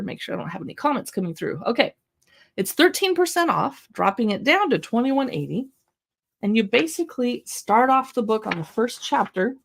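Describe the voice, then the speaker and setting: A woman's voice: a little high, gravelly. A woman hosting a casual live shopping stream from home, chatting in an upbeat way about books and decor and reading short bits aloud. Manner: chatty, upbeat, reads short passages aloud with playful voices. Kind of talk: casual product showcase livestream. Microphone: own microphone close by.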